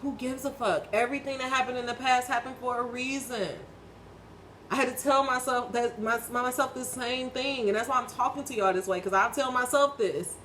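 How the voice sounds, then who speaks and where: A woman's voice: high voice, steady tone, brisk, fairly bright tone, slight background noise, rough recording. A woman in her thirties reading tarot and giving viewers an emphatic, preachy spiritual pep talk, swearing freely and speaking bluntly to the listener. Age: 30s. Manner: preachy, talks straight to the listener. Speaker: tarot reader.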